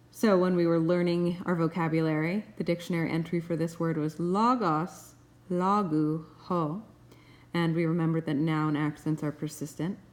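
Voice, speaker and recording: A woman professor calmly explaining grammar rules step by step in a recorded tutorial, with playful asides. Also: low-pitched. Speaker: Ancient Greek professor.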